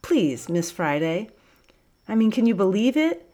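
A woman voicing a hot-tempered, chubby male prisoner who talks loudly and indignantly. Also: mid-range voice, sing-song, measured pace, voice pushed up. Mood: pleading, outraged. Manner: loud, indignant.

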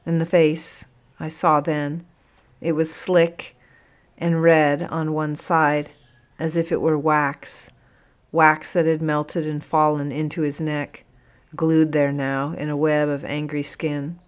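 A woman narrating a first-person audiobook in a measured, emotional storytelling manner. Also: sits low, level tone.

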